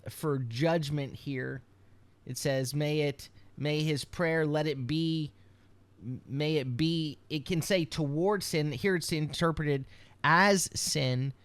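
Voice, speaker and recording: A rabbi giving a daily devotional, reading scripture aloud and explaining it with frequent ums and restarts. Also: male voice, fairly high pitch, smooth, no echo. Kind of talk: devotional Bible teaching.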